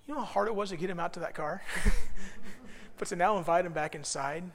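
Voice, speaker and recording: Male pastor, 30s, high-pitched and bright, lively self-deprecating storyteller, long hall reverb. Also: quick pace. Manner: animated, self-deprecating storyteller who builds to shouts. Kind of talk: sermon with personal storytelling.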